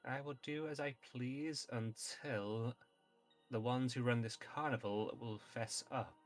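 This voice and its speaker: A man's voice: medium pitch, steady tone, slow pace, faint music behind, natural voice. A man voicing a secretive, defiant female kenku bird-person who talks in clipped, stiff phrases in a tabletop game.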